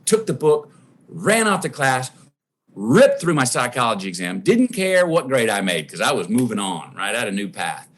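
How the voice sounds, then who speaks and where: A man's voice: mid-range voice, sing-song, normal speed, a bit bright. A man with a Texan accent, a podcast guest telling a personal story and acting out the voices he quotes.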